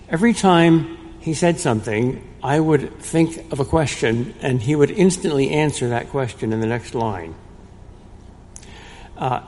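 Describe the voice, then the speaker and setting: An older man giving a prepared lecture in a measured way, with a dry, wry humor. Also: fairly high pitch, a little mellow. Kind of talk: prepared lecture read aloud. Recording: long reverb in a large room.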